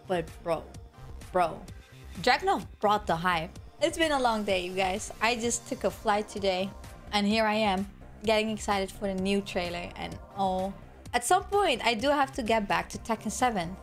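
A young woman with a hoarse voice, gushing through an excited video reaction. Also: medium pitch, moderate pace, faint music behind. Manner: gushing, exclamatory, fangirling. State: hoarse from illness. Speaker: gaming video creator.

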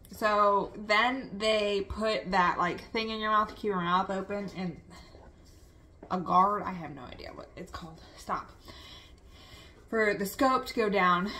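A woman's voice: mid-range voice, sharp tone. A young woman telling a story in a casual vlog, chatty, full of fillers and laughing often. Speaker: vlogger.

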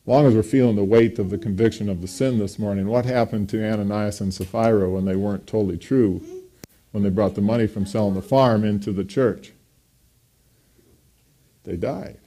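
Male pastor, mellow voice, emphatic sermon delivery. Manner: emphatic preaching, pitch rising on quoted scripture.

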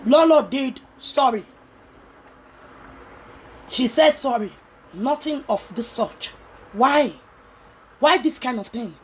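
A woman's voice: sits high, lively intonation, slow pace, long pauses, a little hiss or hum, rough recording. A woman ranting angrily at her followers, scolding and mixing pidgin with local language. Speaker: social media commentator. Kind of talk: angry rant to followers.

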